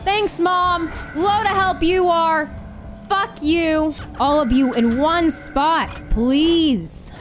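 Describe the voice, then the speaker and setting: A woman's voice: very high voice, very slow, soft background music. A woman in her twenties giving let's-play commentary on a horror game, swearing, laughing and snapping at the game. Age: 20s. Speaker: gaming streamer.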